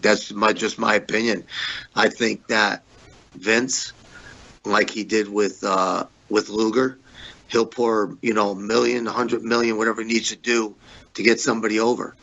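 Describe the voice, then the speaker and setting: A man's voice: on the low side, sharp tone, lo-fi sound. A man, a former wrestler, telling stories as an interview guest in a rambling, casual way, repeating words and saying "you know" often. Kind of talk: casual storytelling.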